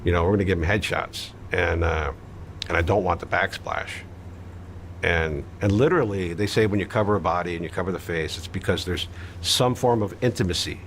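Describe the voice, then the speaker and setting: A man with a low, creaky voice talks briskly over slight background noise. As an interview guest recounting his past, he tells his story bluntly and matter-of-factly, swearing casually and using lots of fillers.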